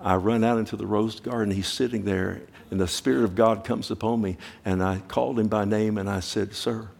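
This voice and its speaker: A man's voice: fairly low pitch, fairly even intonation, brisk, vocal fry, a little mellow. A middle-aged male pastor preaching a sermon, telling stories with rising urgency and asking the congregation direct questions.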